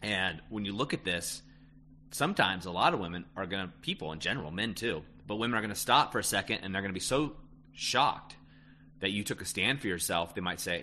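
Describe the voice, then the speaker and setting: A man's voice: sits low, animated, fairly quick, sharp tone, a little hiss or hum. A man coaching listeners on relationships in a casual, emphatic way, often tagging lines with "right?". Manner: emphatic, repeats "right?" and "end of story". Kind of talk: casual advice talk.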